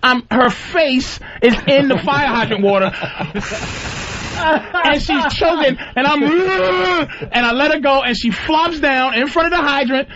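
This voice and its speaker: High-voiced, profane comedian on radio. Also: male voice, a little slow, highs cut off. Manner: profane, animated storytelling, acts out voices. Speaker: comedian guest. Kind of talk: radio talk show banter.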